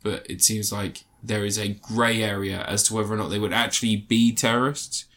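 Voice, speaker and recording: A man's voice: fairly low pitch, steady tone, fairly quick, a bit bright. Rambling man in casual chat. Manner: rambling, hesitant, with many restarts and fillers. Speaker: podcast co-host reviewing a film.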